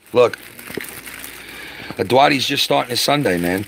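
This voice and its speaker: A man chatting loosely with viewers on a live stream from his garage, excitable and profane, laughing often and stumbling over words. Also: lowish voice, moderate pace, long pauses, a little hiss or hum. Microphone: phone.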